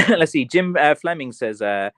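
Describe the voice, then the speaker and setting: A man's voice: fairly high pitch, lively intonation, normal speed, a bit bright, no room sound. A man with an Irish accent hosting a livestream, chatting casually with viewers in a rambling way full of fillers and restarts. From Ireland. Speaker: craft seller hosting a livestream. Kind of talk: casual livestream chat, reading viewer comments.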